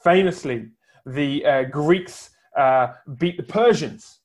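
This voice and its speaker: A man preaching a sermon from home for an online service, building his points with emphatic, rhetorical repetition. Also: fairly high pitch. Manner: emphatic, rhetorical build-ups with long pauses. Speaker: pastor.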